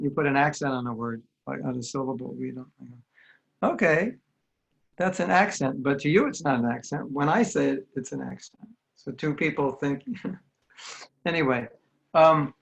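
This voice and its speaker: A mid-range, slightly bright voice with vocal fry, captured in a low-quality recording. He's an American spiritual teacher giving an earnest, conversational talk with questions over a video call, acting out the voices he quotes.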